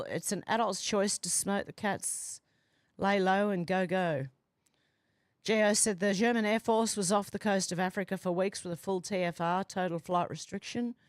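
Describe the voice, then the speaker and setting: A woman's voice: mid-range voice, no room sound, studio quality. A woman hosting a casual livestream from home, reading viewer comments aloud in a chatty, amused way. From Australia. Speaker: livestream host reading chat. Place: home, doors and windows open.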